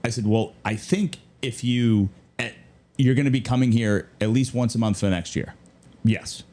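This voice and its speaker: A man's voice: medium pitch, normal speed. A man co-hosting a casual podcast, chatting loosely and quoting his clients in back-and-forth dialogue. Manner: conversational, quotes clients in lively back-and-forth. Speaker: podcast co-host.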